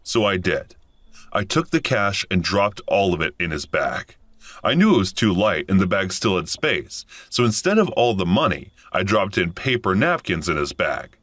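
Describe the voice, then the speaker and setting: A man's voice: low voice, very animated, normal speed, fairly bright tone, no room sound. A man narrating a first-person story in a matter-of-fact storytelling manner.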